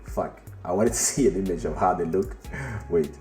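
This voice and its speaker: A man's voice: sits low, moderate pace, echoey room, soft background music. A man hosting a podcast, casually telling a rambling story, swearing and turning to a friend in the room. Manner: rambling and animated, swears, laughs, addresses an off-mic friend.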